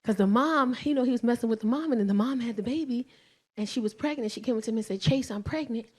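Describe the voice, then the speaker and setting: A woman in her forties with a high voice delivers stand-up comedy. She tells a story with animated energy, peppers it with profanity and breaks into loud shouts. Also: quick pace. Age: 40s.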